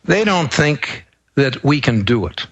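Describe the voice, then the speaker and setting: A male guest on a talk show, explaining his views in a measured, step-by-step way. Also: medium pitch, big pitch swings, fairly bright tone, dry recording, highs cut off. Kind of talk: political talk show discussion.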